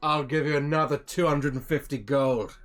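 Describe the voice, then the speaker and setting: A man's voice: fairly high pitch, steady tone, normal speed, a bit bright, faint music behind, close to an everyday voice. A man voicing a boastful, pompous male bard who makes grandiose proclamations. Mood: smug.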